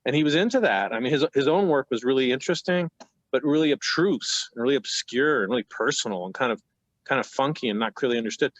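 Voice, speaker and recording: A man's voice: medium pitch, animated, quick pace, no echo. Rambling middle-aged man on a muffled call. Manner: rambling, self-interrupting storyteller. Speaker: panelist, painter. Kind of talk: casual panel talk.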